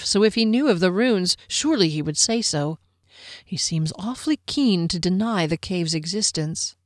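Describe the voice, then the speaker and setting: A narrator reads fantasy fiction in a measured, even way, close to the mic. The voice is smooth and mid-pitched. The recording is dry, with no room sound. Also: no echo. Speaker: audiobook narrator.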